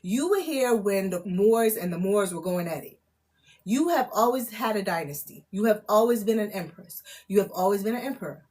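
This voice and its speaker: A woman giving a live-streamed spiritual reading, excitable and casual, swearing, laughing at herself and often checking in with "okay?". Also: medium pitch, normal speed. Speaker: spiritual tarot reader. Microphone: phone or camera mic on a live stream.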